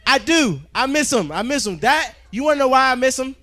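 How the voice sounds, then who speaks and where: A stand-up comedian man with a very high voice, loud and animated. He swears freely into a handheld mic on a club stage. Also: normal speed, gravelly. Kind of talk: stand-up set.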